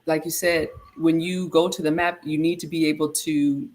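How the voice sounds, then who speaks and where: A woman with a notably low voice co-hosts a casual talk. She explains at length, circling back and restarting phrases as she builds her point. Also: little pitch movement, normal speed, darkish tone. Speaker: co-host.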